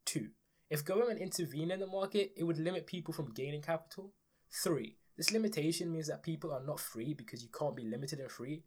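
Ranting man, wildly swinging pitch. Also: fairly quick, husky. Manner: ranting, sarcastic, emphatic with big swings in pitch and loudness. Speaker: podcast host. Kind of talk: opinionated solo political podcast.

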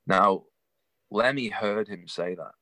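A young man telling a rambling, animated anecdote with laughs, acting out the voices of the people in it. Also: lowish voice, slow, dry recording. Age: young adult. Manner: acts out quoted voices. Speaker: guest. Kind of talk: casual storytelling.

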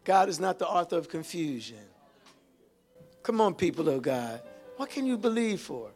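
An older man in his sixties preaching a sermon, exclaiming and calling out to his congregation with sudden shouts. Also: fairly high pitch, sing-song, moderate pace, soft background music. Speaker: pastor.

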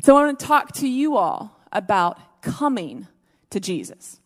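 A woman's voice: mid-range voice, very animated, measured pace, in a large hall. A woman pastor preaching a sermon to a congregation, dropping to near-whispers and then rising to fervent exhortation. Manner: swings from hushed near-whispers to emphatic raised exhortation. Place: church service before a congregation.

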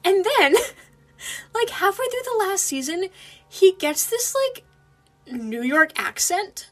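A young woman co-hosting a casual chat, animated and laughing often, now and then slipping into mock voices. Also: very high voice, takes it slowly, faint music behind.

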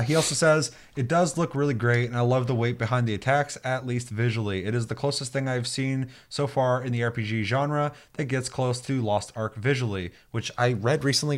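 Profane young male podcast host. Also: mid-range voice. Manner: loose and profane, laughs often, animated when telling stories. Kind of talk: casual chat, reading out listener comments.

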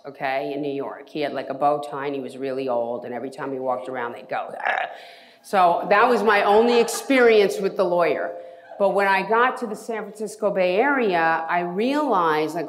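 A woman lawyer telling a lively personal story in an interview, acting out quotes in a casual, swearing manner. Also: fairly low pitch. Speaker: entertainment lawyer.

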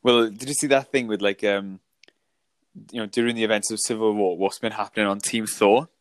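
Man, podcast co-host, low voice, dry sound, hesitant casual talk. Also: fairly even intonation, a little fast, no echo. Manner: thoughtful, hesitant, many fillers. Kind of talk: casual film review chat.

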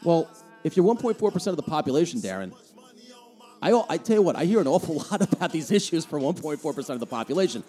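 A man's voice: a little high, sing-song, fast talker, warm tone, faint music behind. A man from New Jersey with a New Jersey accent, hosting a solo podcast and ranting sarcastically about the news. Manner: sarcastic, heated, mocking. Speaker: podcast host. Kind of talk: opinionated solo podcast rant.

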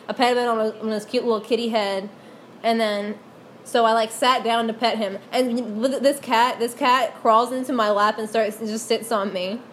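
Young woman, slightly high voice, giggly rambling storyteller, faint background hiss; casual podcast chat.

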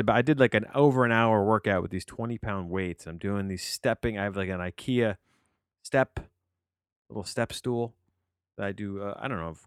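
A tired, low-energy man hosting a solo movie podcast from his home office, rambling and questioning himself as he talks. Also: a bit bright, clear, resonant tone, no echo, clean studio sound. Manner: rambling, meandering, self-questioning. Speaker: podcast host and movie reviewer. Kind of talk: casual solo podcast monologue.

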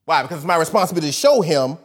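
A man preaching a sermon, animated, moving between loud emphatic lines and soft asides, often laughing. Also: a little high, racing. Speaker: pastor.

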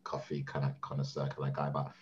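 A man telling stories as a podcast co-host, animated and slangy. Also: a bass voice, fast, breathy edge, highs cut off. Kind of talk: casual storytelling.

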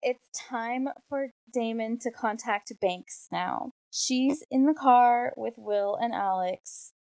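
A woman co-hosting a casual book discussion, retelling scenes with animated enthusiasm. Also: a little high, takes it slowly, vocal fry, no echo, rough recording. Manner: animated, gushing storyteller. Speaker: podcast co-host.

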